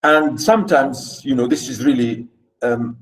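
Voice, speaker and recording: A man giving a literature lecture, explaining slowly and emphatically with many repetitions. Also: medium pitch, low-quality recording. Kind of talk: recorded lecture.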